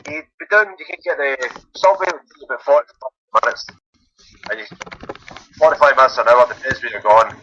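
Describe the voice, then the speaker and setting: A man's voice: mid-range voice, expressive, brisk, sharp tone, highs cut off. A man calling into a phone-in, chatting casually and often adding "like" and "you know what I mean". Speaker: caller.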